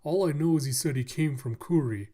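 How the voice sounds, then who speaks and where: A man voicing a grumbling male townsman who complains loudly. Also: a little high, brisk, natural voice.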